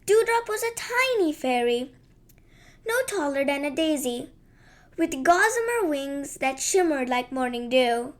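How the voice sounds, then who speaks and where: A woman with a high, light voice reads a bedtime story for children. She takes her time, with a gentle and lilting delivery. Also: big pitch swings. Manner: gentle, lilting, unhurried reading.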